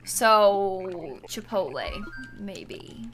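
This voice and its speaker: Speaking very slowly in an expressive, mid-range voice with a fairly bright tone, this young woman chats casually while streaming a game. She reads out names from chat and thanks each viewer, and music plays under her voice.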